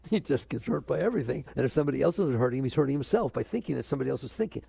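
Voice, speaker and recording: A man's voice: mid-range voice, big pitch swings, quick pace, creaky, mellow, breathy edge, dry recording. An older man giving a conversational spiritual talk, questioning his listeners and acting out inner voices. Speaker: spiritual teacher.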